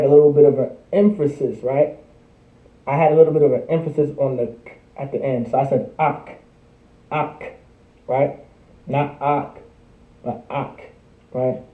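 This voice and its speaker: Man teaching a class, tinny echoey line. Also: medium pitch. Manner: repetitive, checks in with "right?" constantly. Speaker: class instructor. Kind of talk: live-streamed language class. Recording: tinny phone-like echoey stream.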